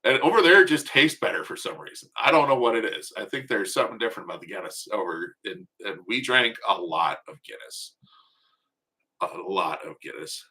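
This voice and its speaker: Bright-voiced man telling stories. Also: fairly low pitch, lively intonation, a little fast. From United States. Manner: rambling, profane, joking storyteller. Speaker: livestream host. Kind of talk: casual storytelling livestream.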